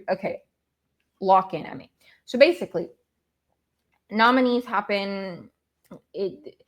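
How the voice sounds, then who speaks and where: A woman's voice: medium pitch, darkish tone. A woman hosting a podcast, recapping a reality show in a casual, rambling, exasperated way and often going off on tangents. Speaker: podcast host.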